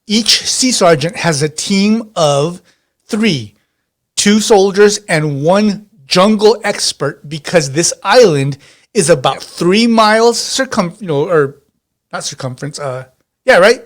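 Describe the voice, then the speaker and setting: A man's voice: high voice, expressive, takes it slowly. A man narrating a tabletop role-playing game as game master, talking in a rambling way with many restarts and fillers.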